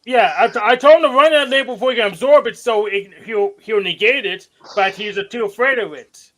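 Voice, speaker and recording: High-voiced, stammering male panelist. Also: brisk, fairly bright tone. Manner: stammering, restarts often. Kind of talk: casual panel chat.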